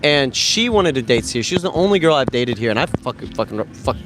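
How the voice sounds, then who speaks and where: A man's voice: medium pitch, big pitch swings, fast, fairly bright tone. An American man in his thirties chatting casually and rambling, with a lot of profanity and slang, outdoors by a street. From United States. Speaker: dating coach vlogger. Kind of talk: casual chat.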